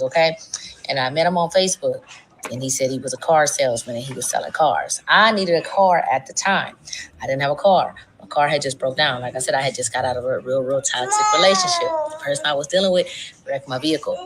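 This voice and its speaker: A woman streamer telling a long, profane storytime tale in a casual, animated way, her voice jumping high for quoted lines. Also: a little hiss or hum. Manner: animated, profane, dramatic voice swings.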